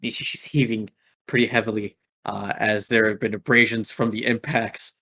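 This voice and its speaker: A man's voice: fairly low pitch, little pitch movement, normal speed, creaky, pushed and bright. A man narrating as game master in a laid-back way, with many filler words.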